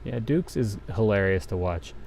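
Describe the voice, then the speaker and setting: Over a noisy background, a man with a lowish voice, lively intonation, and vocal fry talks at normal speed on his casual livestream. He rambles and restarts a lot while cross-stitching, speaking into a desk microphone.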